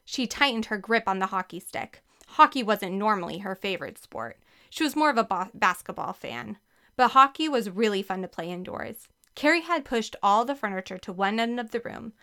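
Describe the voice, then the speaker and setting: A woman narrating a children's storybook with a lively, expressive reading. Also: mid-range voice, normal speed. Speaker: audiobook narrator.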